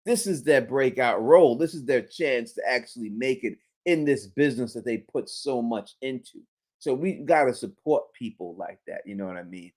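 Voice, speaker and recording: A man's voice: mid-range voice, expressive, normal speed, darkish tone. A man co-hosting a fan podcast, talking in an emphatic, casual way and often asking "you know what I mean". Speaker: co-host.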